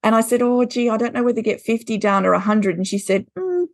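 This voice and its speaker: A woman's voice: fairly high pitch, fairly even intonation, quick pace, no room sound, clean studio sound. A woman with an Australian accent, a guest on a podcast, chatting casually, swearing freely and laughing often. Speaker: guest, intuitive card deck creator.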